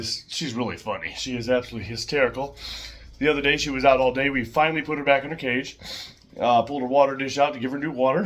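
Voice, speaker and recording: Chatty man rambling about his pet birds. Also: medium pitch. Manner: rambling, chatty, with fillers and soft laughs. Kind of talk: casual home vlog.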